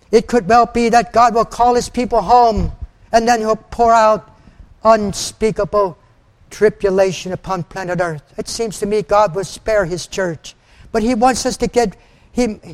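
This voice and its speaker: An older man preaching a sermon with fervor, repeating phrases for emphasis and quoting scripture in old-fashioned wording. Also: high voice.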